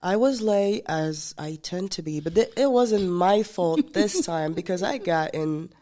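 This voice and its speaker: Low-voiced laughing woman guest. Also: unhurried. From France. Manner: relaxed, laughing, joking. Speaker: podcast guest. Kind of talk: casual chat. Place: studio.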